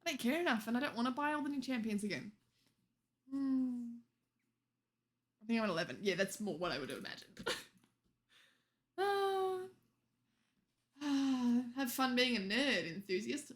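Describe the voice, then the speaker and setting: A woman's voice: a little high, expressive, fast talker. Chatty teasing woman streamer. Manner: chatty and teasing, laughs often. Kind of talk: casual late-night chat with viewers.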